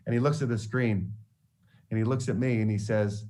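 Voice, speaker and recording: A man in his forties, a TV sports reporter, telling career stories to students in an animated, anecdotal way with frequent restarts. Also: on the low side, normal speed. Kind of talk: storytelling motivational talk.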